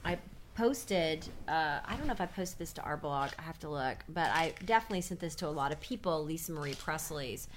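Low-voiced chatty woman explaining. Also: animated, a little fast, slight background noise. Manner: chatty, explains at length with many fillers. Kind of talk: casual chat.

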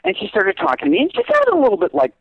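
A man with a notably high voice that leaps and dips all over as he makes his points. The recording is dry and a bit dull and lo-fi. He talks in a casual interview, emphatic and animated, like the acting teacher he is. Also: racing, gravelly, dry recording. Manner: animated, emphatic, swoops up and down in pitch.

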